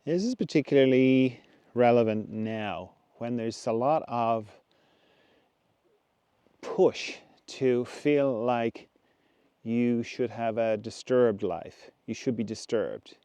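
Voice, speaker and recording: A middle-aged man speaks in a mellow, dark tone, musing gently on spiritual ideas as a podcast host. He often restarts his sentences and adds small asides. The recording is close and dry. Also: mid-range voice, slow, smooth, no echo. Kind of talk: reflective spoken talk.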